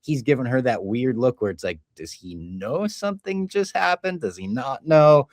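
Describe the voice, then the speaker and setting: A man's voice: medium pitch, lively intonation, normal speed, dry recording, studio quality. A man co-hosting a podcast, recapping TV episodes in casual chat, enthusiastic and laughing often. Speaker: podcast co-host.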